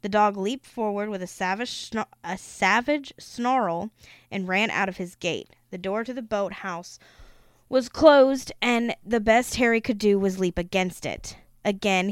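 A woman's voice: mid-range voice, smooth, no room sound, studio quality. A woman podcast host reading a book aloud, with the occasional laughing aside.

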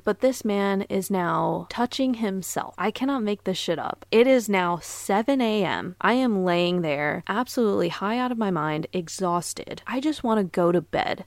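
A woman's voice: medium pitch, lively intonation, measured pace, no echo. A woman in her twenties hosting a podcast, telling personal stories in a blunt, profane, laughing way. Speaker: podcast host. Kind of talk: casual storytelling podcast.

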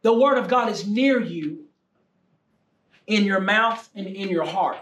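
A man preaching a sermon with passion, swinging from shouts down to near-whispers. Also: high-pitched, a little slow. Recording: echoey room, distant mic, faint noise.

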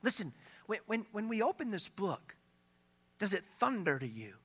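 A man preaching a sermon, emphatic, swinging between hushed passages and loud, stressed lines. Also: high voice, very animated, moderate pace, husky. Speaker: pastor.

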